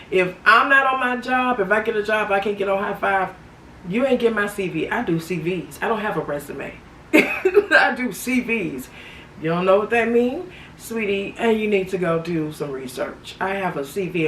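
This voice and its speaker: Her voice on the low side yet a bit bright, a vlogger talks casually to her audience, laughing frequently and calling them sweetie and honey as she reflects. The recording picks her up from a distance in an echoing room with faint background noise.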